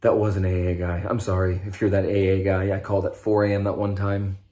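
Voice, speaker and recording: A man's voice: low voice, flat delivery, brisk, dark tone. A young man from Nebraska telling his own story in a rambling, profane, stop-start way, full of restarts. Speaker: vlogger sharing recovery story. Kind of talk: unscripted personal monologue.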